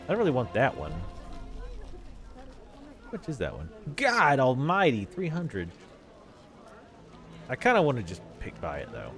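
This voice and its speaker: A man's voice: mid-range voice, huge pitch swings, normal speed, pauses often, fairly bright tone, faint music behind. A man casually commentating on a role-playing game he is playing, joking, swearing and putting on silly voices. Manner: jokey, profane, puts on silly voices. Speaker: let's play host.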